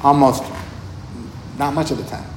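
A man gives a relaxed dharma talk as a meditation teacher. He speaks at an average pitch in a loose, conversational way, doubling back on words and breaking into chuckles. The voice rings in a roomy space with faint noise underneath. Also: normal speed.

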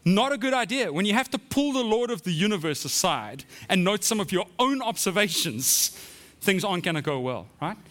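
Conversational preacher, higher male voice. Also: very animated, fairly quick, a bit bright. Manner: conversational preaching, frequent "right?" asides. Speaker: pastor. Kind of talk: sermon.

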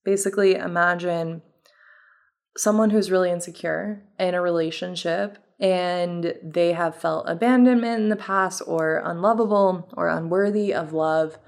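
A woman with a somewhat low voice and a noticeable vocal fry talks through her own podcast. She speaks casually and reflectively, as a health coach would, often leaning on fillers like "um" and "like" as she works through her ideas. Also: a little slow. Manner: relaxed and reflective, with frequent fillers like "um" and "like". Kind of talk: casual solo podcast monologue.

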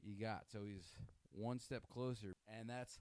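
A man with a somewhat low voice makes a pitch in a mock-grandiose, hype-man manner. He is speaking on a casual comedy podcast, half joking as he builds things up. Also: fairly even intonation, a little slow, darkish tone. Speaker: podcast guest correspondent.

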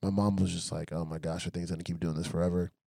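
A young man tells stories at a quick clip in a casual interview, his low voice dark and mellow. He slips into lively acted-out quotes as he goes. The sound is dry and close. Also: gravelly, breathy edge, dry recording. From United States, raised by Congolese immigrant parents. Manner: animated storyteller acting out quotes. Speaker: professional fighter, interview guest.

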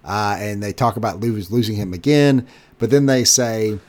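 A man's voice: lowish voice, moderate pace, a little mellow. A man co-hosting a movie podcast, leading the segments in casual chat and laughing easily. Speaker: podcast co-host.

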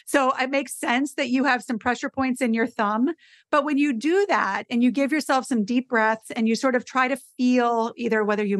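A middle-aged woman, an advocacy expert appearing as a podcast guest, tells stories emphatically and with animation in casual conversation. Her voice is a little high, recorded at studio quality with no echo.

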